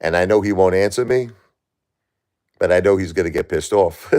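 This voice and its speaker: A man in his forties hosts a livestream and argues passionately with a viewer. His voice sits extremely low, with a gravelly fry. He repeats himself as he presses each point. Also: brisk, long pauses, darkish tone. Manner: impassioned, repetitive, arguing with a chat viewer. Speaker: livestream host. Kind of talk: emotional livestream chat.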